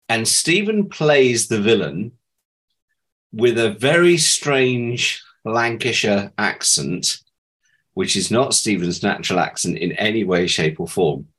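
A man's voice: lowish voice, fairly bright tone, rough recording. A middle-aged man, a former child actor, telling amused anecdotes about his acting days in a chatty interview.

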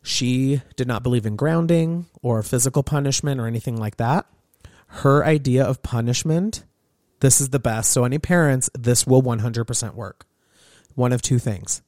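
A man's voice: medium pitch, moderate pace, dry recording. Chatty man telling stories, dry sound. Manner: storytelling, lively and chatty. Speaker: hairstylist and podcast co-host. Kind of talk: casual podcast chat.

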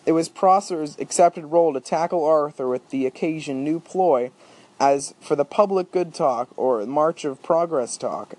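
A man reading a novel aloud in a steady storytelling manner. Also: on the high side, a little slow. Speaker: audiobook reader. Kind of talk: audiobook narration.

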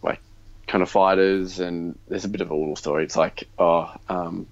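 A man's voice: sits low, steady tone, fairly quick. A man co-hosting a podcast, chatting casually about games in a rambling way with lots of ums and likes. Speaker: podcast co-host. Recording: dull lo-fi sound.

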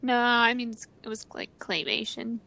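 Woman podcast co-host, casual and playful, bright tone. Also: fairly high pitch, creaky. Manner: playful, laughs often, quick asides. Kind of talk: casual chat.

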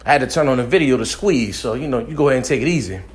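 A man's voice: medium pitch, rapid-fire. A young man telling a crude, boastful comic story, profane and often laughing as he talks.

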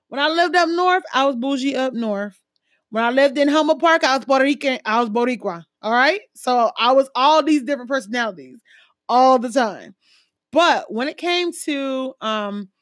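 Woman from a jamaican family just talking, lots of um and like, kinda high voice, dry close mic. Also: no room sound. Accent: American with Jamaican-family roots. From Caribbean, Jamaican family. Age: adult, a mother. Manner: conversational, lots of fillers, animated emphasis. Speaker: speaker sharing personal stories. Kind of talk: casual personal talk.

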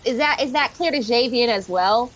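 A woman's voice: on the high side, lively intonation, moderate pace. A woman playing a tabletop role-playing game, speaking casually and jokingly about her character. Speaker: player.

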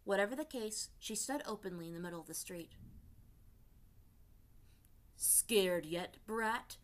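A woman reading fan fiction aloud in a steady storytelling voice. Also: medium pitch, fast. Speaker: reader.

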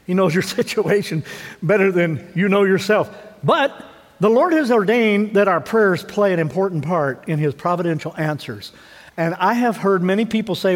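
A man's voice: high-pitched, animated, moderate pace. A man preaching a sermon as pastor, talking in a casual, conversational way, asking the congregation many questions and often repeating words. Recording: long reverb of a church hall.

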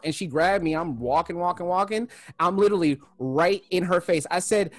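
A young man co-hosting a casual podcast, telling stories with lively acted-out quotes. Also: high voice, fast, no echo. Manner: animated storyteller, acts out quotes loudly. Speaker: podcast co-host. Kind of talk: casual chat, storytelling.

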